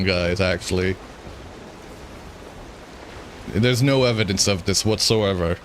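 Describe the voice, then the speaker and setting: A man's voice: deep voice, normal speed, fairly bright tone, a little hiss or hum. A man streaming a game, giving rambling, self-mocking commentary and chuckling often. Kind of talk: gameplay commentary.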